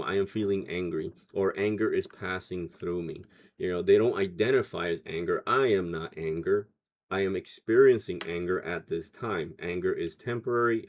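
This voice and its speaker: A man's voice: lowish voice, a little mellow. A man hosting a spiritual livestream, chatting loosely, laughing often and reading viewer comments aloud. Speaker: meditation livestream host. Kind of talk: casual livestream chat.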